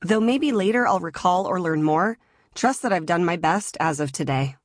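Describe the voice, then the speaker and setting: A woman in her thirties narrating her own memoir audiobook in a measured, earnest way. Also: fairly low pitch, expressive, dry recording, clean studio sound.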